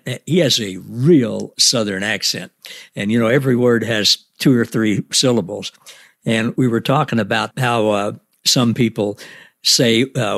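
A man hosting a podcast, telling stories in a lively way and acting out what other people said. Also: fairly low pitch, gravelly, dry recording, clean studio sound. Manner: lively storyteller, laughs often, acts out quotes. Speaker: podcast host. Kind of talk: casual conversation about faith.

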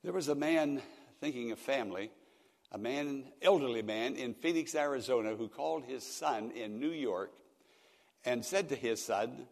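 A man's voice: medium pitch, moderate pace, creaky. An older male pastor preaching a radio sermon, telling folksy stories and rising to emphatic peaks. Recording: long reverb of a church hall.

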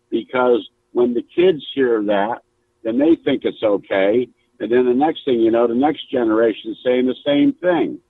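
Guy ranting into a voicemail, gravelly, sounds like a crappy phone line. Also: mid-range voice. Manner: indignant, preachy. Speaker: caller. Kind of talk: recorded voicemail rant.

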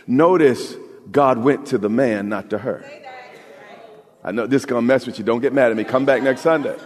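A male pastor preaching a sermon, talking with his congregation conversationally and rising to emphatic shouts, recorded in a church sanctuary. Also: medium pitch, moderate pace. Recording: long reverb of a large hall.

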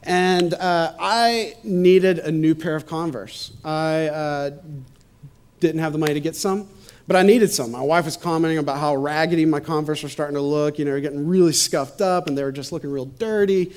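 A man with a fairly high, darkish but clean voice casually shares his personal testimony at a moderate pace. He tells it chattily, laughing often and saying "you know" a lot, then shifts into preacher-like repetition when touching on matters of faith.

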